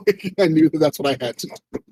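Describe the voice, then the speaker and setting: A man's voice: fairly high pitch, normal speed, a little hiss or hum, low-quality recording. Laid-back man running a tabletop game. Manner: relaxed, rambling with many fillers. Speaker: game master. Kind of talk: casual post-game chat.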